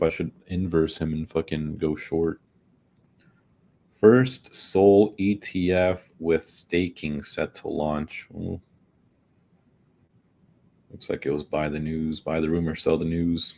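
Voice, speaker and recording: A man's voice: low-pitched, gravelly. A man giving casual, profane, grumbling commentary as he day trades on stream. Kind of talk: casual live commentary while trading.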